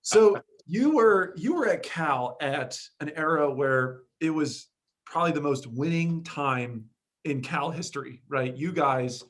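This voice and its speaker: A man hosting a podcast interview, asking questions in a blunt, energetic, casual way and swearing freely. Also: on the high side. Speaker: podcast host.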